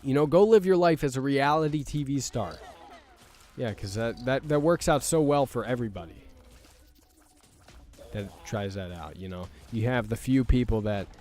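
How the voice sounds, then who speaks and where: With soft music in the background, a young gaming host speaks in a medium-pitched, darkish voice at a moderate pace. His let's-play commentary is a rant, rambling and exasperated, broken by stammering restarts and frequent swearing.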